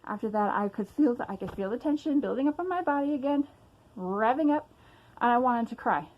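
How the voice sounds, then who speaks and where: A woman's voice: on the high side, expressive, brisk, dull audio. A young woman ranting to camera at home, agitated and emphatic, often sighing and swearing. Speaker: vlogger. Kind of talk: casual personal rant to camera.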